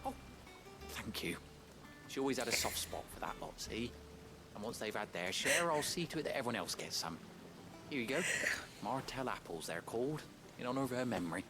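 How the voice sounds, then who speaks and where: An actor voicing a warm-hearted, slightly hesitant man who tends the hideaway's fruit tree. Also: mid-range voice, lively intonation, brisk, pauses often, natural voice. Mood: earnest. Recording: game audio with clear music.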